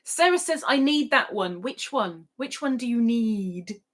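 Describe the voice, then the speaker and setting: A woman's voice: fairly high pitch, takes it slowly, a bit bright. A middle-aged woman hosting a livestream, casually chatting and reading out viewer comments with giggles. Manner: chatty, giggly, sings playfully. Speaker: livestream host.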